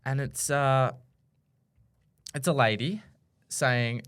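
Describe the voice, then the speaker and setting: A man's voice: medium pitch, slow pace, pauses often, a bit bright, smooth. A young Australian man co-hosting a podcast, chatting casually and telling a rambling story with many restarts. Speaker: podcast co-host. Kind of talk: casual chat.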